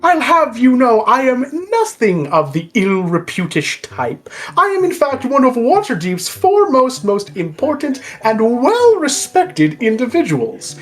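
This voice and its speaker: A woman's voice: on the high side, sing-song, a little slow, few pauses, pitched above the performer's own voice. A woman voicing a flamboyant, pompous older man bard who talks in a grandiose, florid, theatrical way.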